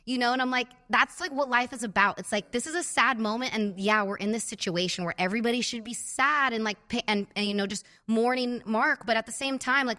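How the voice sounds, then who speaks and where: A woman's voice: fairly high pitch, bright, forceful tone. A woman from California's San Fernando Valley hosting a casual chat, telling stories in a bubbly way with constant "like"s and acted-out voices. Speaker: podcast host.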